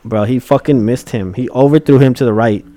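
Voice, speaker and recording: A man's voice: mid-range voice, fairly quick, mellow, a little hiss or hum. Stubborn, swearing young-sounding man arguing football. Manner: stubborn, profane, insistent. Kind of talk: casual sports argument.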